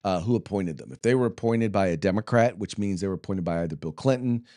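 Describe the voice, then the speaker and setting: A man's voice: sits low, fast, warm tone, dry recording, clean studio sound. An American man hosting a political commentary show, talking loosely with jokes, fillers and restarts. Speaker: podcast host.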